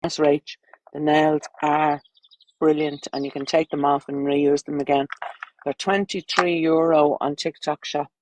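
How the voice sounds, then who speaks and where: A woman's voice: deep voice, level tone, unhurried, noisy background. An Irish woman with children, chatting bluntly and crudely on a casual livestream, rambling from topic to topic. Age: adult, with children.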